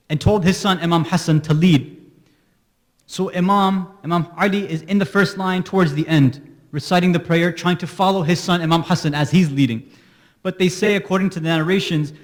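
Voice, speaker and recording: A man giving a religious sermon, telling a mournful story and rising into high, emotional wailing. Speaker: speaker at an Islamic center. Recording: long hall reverb.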